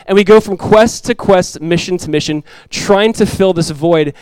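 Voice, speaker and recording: A man in his thirties, a pastor giving a sermon in a relaxed, conversational way, telling stories with asides. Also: sits high, normal speed, smooth, no room sound, rough recording. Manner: conversational, animated storytelling with asides.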